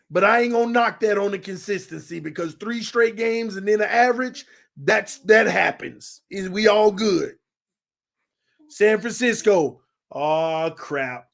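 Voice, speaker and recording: A man hosting a fan sports channel, talking in loose, animated commentary that swings between shouting and laughing. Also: high-pitched, gravelly. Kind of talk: casual fan commentary livestream.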